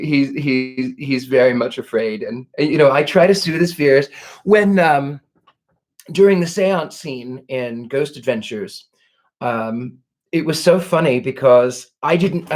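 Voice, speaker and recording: A man's voice: mid-range voice, measured pace, darkish tone. A man, a psychic, hosting a live question-and-answer chat in a genteel, effusive way.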